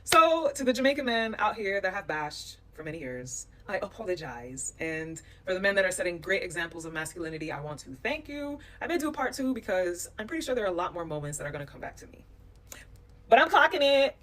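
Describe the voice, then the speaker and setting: A woman tells a story from a trip in a lively vlog voice, playing out what people said to her. Her voice sits a little low for a woman. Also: quick pace, few pauses, distant mic. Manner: animated, acting out quoted voices. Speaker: vlogger recounting a trip.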